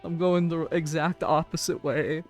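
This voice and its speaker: A man's voice: on the high side, fairly even intonation, normal speed, darkish tone, faint music behind. A young man in his twenties streaming a game, playful and giggly as he reacts. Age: 20s. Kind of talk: casual game-stream commentary.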